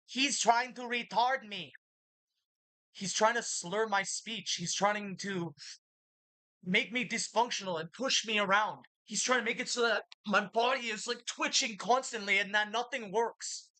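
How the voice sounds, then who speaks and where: A woman's voice: medium pitch, unhurried, a bit bright. A woman talking in a rambling monologue to her viewers, often speaking of herself in the third person, blunt and profane. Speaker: vlogger.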